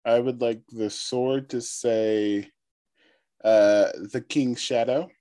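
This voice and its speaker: A man playing a tabletop game, speaking deliberately. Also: medium pitch, fairly even intonation, mellow, no echo. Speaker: player. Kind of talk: tabletop game role-play.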